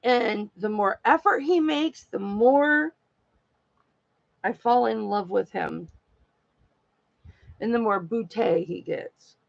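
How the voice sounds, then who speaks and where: A woman with a gravelly, creaky voice talks slowly and candidly to her live-stream audience. Her speech is heartfelt and rambling, recorded close and dry. The audio has a slightly dull, lo-fi edge. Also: medium pitch, no echo. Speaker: live-stream jewelry seller. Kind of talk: casual live-stream chat to viewers.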